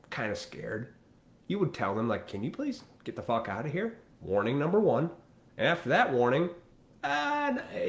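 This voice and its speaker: Speaking in a mid-range voice with a roomy sound, a man hosting a live stream delivers a preachy, profane rant directly to his audience. He's blunt about it and imitates other people in quoted asides.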